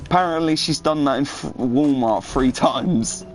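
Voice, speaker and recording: A streamer with a mid-range voice and moderate pace rambles through casual, profane chat. He tells funny stories and laughs as he goes.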